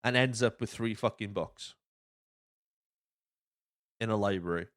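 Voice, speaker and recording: A man with a lowish voice speaks a little slowly as he hosts a podcast. He tells casual stories loaded with swearing and acted-out quotes. The recording is clean studio sound without any room reverb.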